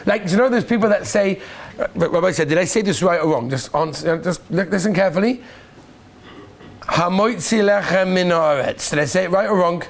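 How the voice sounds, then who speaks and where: Male rabbi, bright tenor, animated teacher who keeps quizzing the class and praising answers. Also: sits high, fast talker, creaky. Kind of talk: lively classroom lesson.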